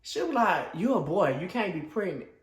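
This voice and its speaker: Young male vlogger, animated storyteller, bouncy lively voice, roomy echo. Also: normal speed. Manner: animated, acts out quotes in a high dramatic voice. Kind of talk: casual storytelling.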